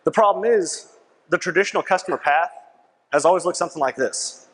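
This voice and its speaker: A young man delivers a punchy, persuasive sales presentation in a large conference hall, repeating key lines and often asking the crowd "right?" His voice is on the high side and brisk, with the long reverb of a big hall.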